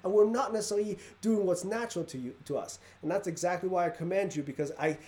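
High-voiced man telling animated stories. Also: fast. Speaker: podcast host. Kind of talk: casual storytelling interview.

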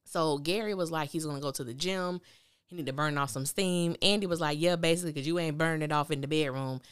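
A woman's voice: low voice, quick pace, clean tone, dry recording, clean studio sound. A woman hosting a podcast, recapping a TV drama in candid, opinionated casual talk and acting out the characters' lines. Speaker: podcast host reviewing a TV drama.

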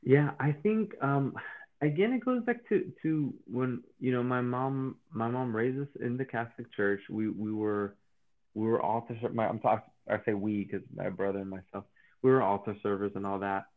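A man telling a personal faith story in a casual interview, animated and full of restarts. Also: mid-range voice, normal speed. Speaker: guest. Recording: tinny phone-like line.

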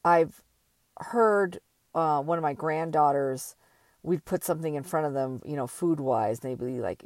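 An older woman talking slowly and thoughtfully in a reflective personal monologue, with many pauses and fillers. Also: low voice, lively intonation, warm tone, dry recording.

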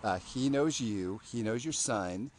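Podcast host, male, slightly low voice, loose and rambling delivery. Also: unhurried, a little mellow, a little hiss or hum. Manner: rambling, lots of fillers and restarts. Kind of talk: casual interview chat.

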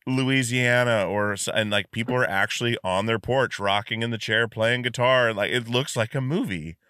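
A man hosting a podcast, chatting and telling stories in an animated way with many fillers. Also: medium pitch, normal speed, dry recording, studio quality. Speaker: podcast host. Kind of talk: casual chat.

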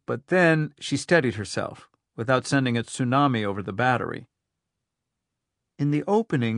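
A man narrating a thriller audiobook in a steady, even storytelling manner. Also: mid-range voice, gravelly, no echo, studio quality.

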